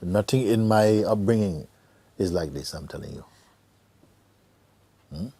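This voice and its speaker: A middle-aged man giving a gentle satsang talk as a spiritual teacher, often dropping to a near whisper and laughing easily. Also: deep voice, lively intonation, a little slow, gravelly, breathy edge, no room sound. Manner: laughs easily, joyful and earnest.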